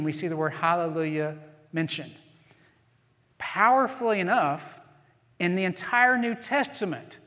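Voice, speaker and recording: A man preaching a sermon as pastor, earnest and emphatic, slowing down to stress key phrases. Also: a little high, fairly bright tone. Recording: long reverb of a large hall.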